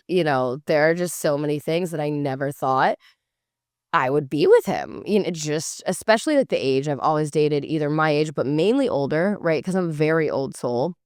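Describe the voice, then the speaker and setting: A woman's voice: deep voice, normal speed, smooth, dry recording, studio quality. A woman hosting a podcast who tells a personal story casually. She talks in a chatty way, swears freely, uses lots of "like" fillers and acts out the dialogue. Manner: animated, acts out quoted dialogue. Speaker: podcast host.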